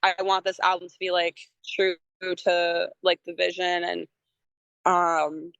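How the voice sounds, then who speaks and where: Her voice sits on the low side, gravelly yet fairly bright, clear and resonant, with a level tone and a slow pace. She's a Michigan musician on a podcast, chatting casually with lots of fillers and laughter and acting out quoted lines loudly. The recording has no room sound and its highs are cut off.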